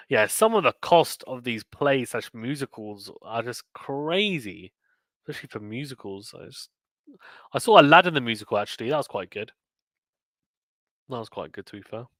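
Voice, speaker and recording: A man's voice: medium pitch, a bit bright, no echo. A young man commentating a tennis match on a live stream, reading viewer comments aloud and chatting between points. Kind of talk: casual play-by-play and chat reading.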